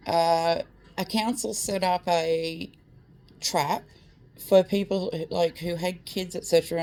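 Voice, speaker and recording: A woman's voice: on the low side, darkish tone. An Australian woman vlogging, ranting straight to camera in a blunt, heated way, swearing freely and filling her talk with "like" and "mate".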